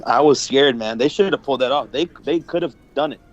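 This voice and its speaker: A man calling into a sports talk stream, talking in an excitable, animated way. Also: medium pitch, fairly quick, dull audio. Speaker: caller. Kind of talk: casual sports chat.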